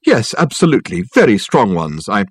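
A man's voice: huge pitch swings, fairly quick, husky, no room sound, exaggerated voice. A man voicing a spoiled, flustered grown son who sputters with indignation. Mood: flustered indignant. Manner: sputtering, indignant, raised pitch.

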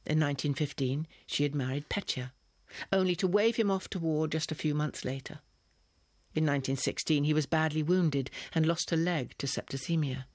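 A man reading a first-person story as a narrator, measured and expressive. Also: on the high side, dry recording. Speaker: audiobook reader.

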